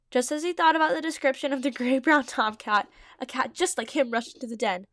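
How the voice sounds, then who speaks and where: A woman's voice: a little high, moderate pace, fairly bright tone, no echo, clean studio sound. A young woman reading her old fan story aloud with giggly, self-mocking asides. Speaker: podcast host reading her own old writing.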